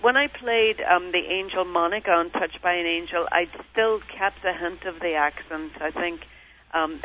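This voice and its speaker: A middle-aged woman from Northern Ireland with a softened Northern Irish accent, chatting as an interview guest with many fillers. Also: low-pitched, a little hiss or hum. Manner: warm and chatty, with frequent fillers. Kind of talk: interview on a phone line. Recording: tinny phone line.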